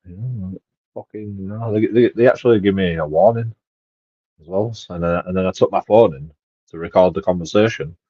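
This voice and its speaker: Man, husky voice, lowish pitch, profane rambling rant. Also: a little fast, warm tone, no echo. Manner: swears heavily, rambling, with restarts and laughs. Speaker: vlogger. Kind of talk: casual ranting monologue. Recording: dull lo-fi dry sound.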